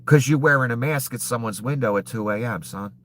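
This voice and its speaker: A man's voice: mid-range voice, brisk, fairly bright tone, slight background noise. A man delivering an angry, profane political rant, sarcastic and furious. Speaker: political commentator.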